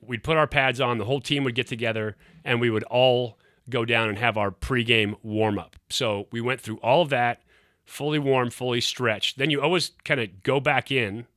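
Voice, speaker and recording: A man's voice: medium pitch, moderate pace, no room sound, clean studio sound. A middle-aged man, a former quarterback hosting his show, telling a story casually and acting out the quotes. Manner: animated, acts out quotes.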